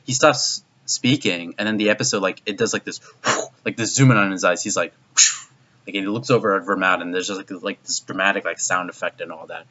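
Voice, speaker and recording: Low-voiced excitable man, rambling and profane. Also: brisk. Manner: rambling and profane, heavy use of "like"; excitable, voice jumps up in disbelief. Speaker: anime reviewer. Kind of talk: casual video review. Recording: dull lo-fi recording.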